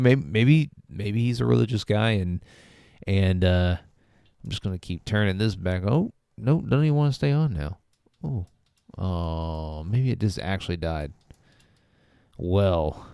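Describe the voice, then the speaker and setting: A man's voice: on the low side, gravelly, darkish tone, clean tone, no room sound, studio quality. A man hosting a casual spoken film review, rambling with many fillers and restarts. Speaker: movie review host.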